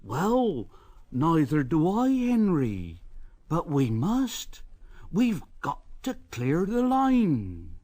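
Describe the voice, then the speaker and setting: A man voicing a kindly male engine driver, speaking in a gentle, encouraging way. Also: fairly high pitch, huge pitch swings, drawn-out words, voice pushed up, full character voice. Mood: coaxing.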